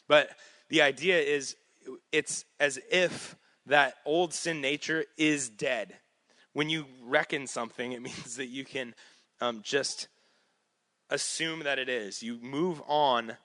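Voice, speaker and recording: A man's voice: medium pitch, pushed and bright, no echo. A man preaching a sermon, reading scripture and then talking it through in a casual, conversational way with light laughs.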